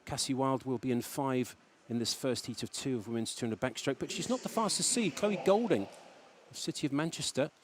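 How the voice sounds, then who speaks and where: A man's voice: medium pitch, lively intonation, brisk, noisy background. A man doing enthusiastic, exclamatory swimming commentary. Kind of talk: sports commentary.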